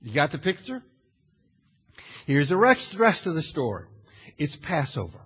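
A man's voice: a little high, wildly swooping pitch, a little slow, breathy edge. Dramatic preacher man in a hall. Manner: dramatic, asks the audience questions, swings from hushed to loud. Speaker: pastor. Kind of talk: sermon. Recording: long hall reverb.

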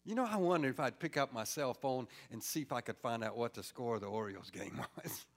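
A man preaching a sermon, swinging from loud exclamations to hushed whispers. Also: medium pitch, animated, fairly quick.

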